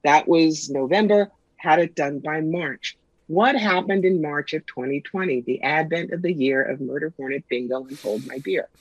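A middle-aged woman, a guest psychic and author, telling stories in a brisk, wry, punchy way in a casual interview. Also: low-pitched, slightly rough, no room sound. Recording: dull lo-fi sound, dry.

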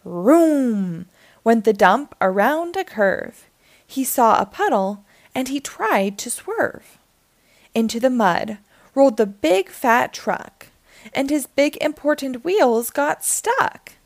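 Woman, children's book read-aloud, high lively voice, dry close sound. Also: takes it slowly, no echo. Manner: sing-song, expressive storytelling. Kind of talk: reading a picture book aloud.

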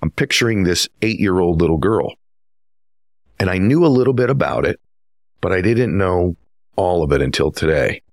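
A man's voice: deep voice, lively intonation, moderate pace, pauses often, no echo, studio quality. A man hosting an interview, introducing his guest with earnest, emphatic storytelling. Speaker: podcast host.

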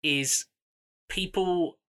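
Bright-voiced man, mild and hesitant. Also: high voice, drawn-out words. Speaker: podcast co-host. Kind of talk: casual chat.

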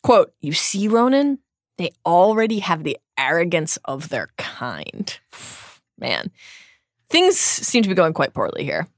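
A woman's voice: lowish voice, wildly swooping pitch, takes it slowly, no echo, studio quality. A woman hosting a book podcast, retelling chapters and reading quotes aloud with wry asides. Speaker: podcast host. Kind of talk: book discussion podcast with read-aloud passages.

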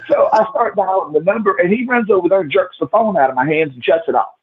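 A man's voice: high-pitched, lively intonation, fairly quick, breathy edge. A man telling rowdy stories as a podcast guest, swearing freely and acting out quotes, over a tinny call line. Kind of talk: casual storytelling.

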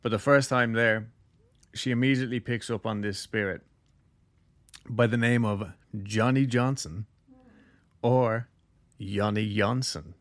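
A man's voice: on the low side, steady tone, unhurried, long pauses. A man hosting a podcast, casually telling a ghost story with lots of jokes and filler words. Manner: loose, jokey, heavy use of "like".

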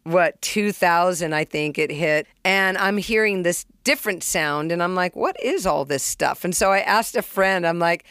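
Woman, middle-aged, candid storyteller, swears a lot, animated, smooth clear voice, dry close sound. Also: fairly low pitch, moderate pace, hardly any pauses, dry recording. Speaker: songwriter and producer, interview guest. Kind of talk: casual storytelling in an interview.

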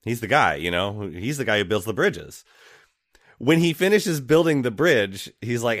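A man's voice: medium pitch, expressive, normal speed, fairly bright tone, no echo, clean studio sound. A man co-hosting a gaming podcast in casual chat, laughing often and mimicking game characters. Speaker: podcast co-host.

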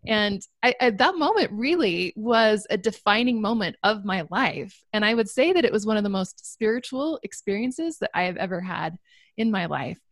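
A woman's voice: mid-range voice, animated, normal speed, no room sound, studio quality. A young woman telling a personal story in an earnest, reflective way, with light laughs between lines. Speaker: guest telling her story. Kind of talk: personal testimony.

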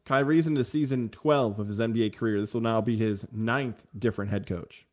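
Sarcastic, fast-talking male sports host. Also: fairly low pitch, fairly even intonation. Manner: fast, sarcastic, gossipy delivery. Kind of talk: casual sports talk.

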